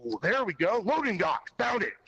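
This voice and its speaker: Male radio caller, sarcastic, defiant, slightly high voice. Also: huge pitch swings, normal speed, bright, forceful tone, slightly rough, no room sound, muffled recording. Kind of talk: phone call to a radio show.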